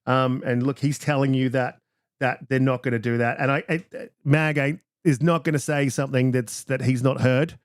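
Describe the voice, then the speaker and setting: A man's voice: medium pitch, fairly even intonation, normal speed, no echo. Dry-sounding man hosting a podcast. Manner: reflective, restarts phrases often. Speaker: podcast host. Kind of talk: casual podcast chat.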